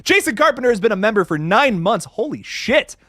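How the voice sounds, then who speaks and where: A young man who hosts a horror movie channel, chatting casually and excitedly on a livestream, reading viewer comments aloud with lots of swearing and laughter. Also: high-pitched, a little fast, no room sound, studio quality. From Ohio, USA. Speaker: YouTube horror channel host.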